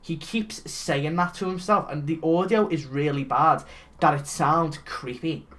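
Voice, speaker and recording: A man with a slightly raised voice tells a movie plot to a friend with loose, excitable energy. He swears freely and keeps breaking into little character impressions. The delivery is comic and unscripted. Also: a little high, unhurried. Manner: animated, swearing, mimics characters mid-story. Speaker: podcast co-host. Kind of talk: casual comedic recap.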